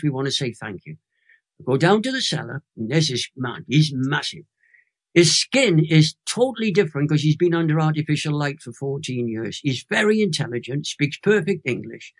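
Animated Welsh man in his eighties. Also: fairly high pitch. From Wales. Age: 80s. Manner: animated, emotional storytelling with dramatic pauses. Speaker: guest. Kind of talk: storytelling testimony.

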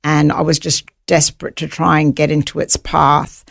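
A woman telling a guest story in a heavily gravelly, creaky voice, sounding dry and close to the mic. She talks in an animated way and retells each moment vividly. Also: low voice, normal speed, no echo. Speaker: guest, author. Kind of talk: interview storytelling.

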